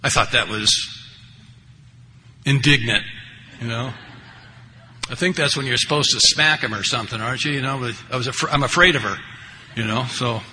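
A man's voice: mid-range voice, moderate pace, long pauses, bright, forceful tone. An older man giving a rambling, wry personal recovery share, full of conversational asides. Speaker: speaker at a recovery meeting. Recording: echoey hall, faint background noise.

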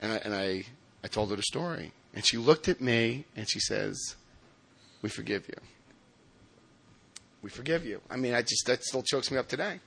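Bright-voiced man telling his recovery story. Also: mid-range voice, brisk, creaky, breathy edge. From New Jersey. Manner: animated, self-mocking storytelling with laughs and restarts. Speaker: recovering alcoholic speaker. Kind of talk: personal recovery story told to a meeting.

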